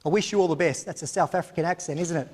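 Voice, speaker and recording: A man working as an auctioneer, reading out auction terms and pitching a property with confident, formal, fluent patter. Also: rapid-fire, background noise. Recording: long hall reverb.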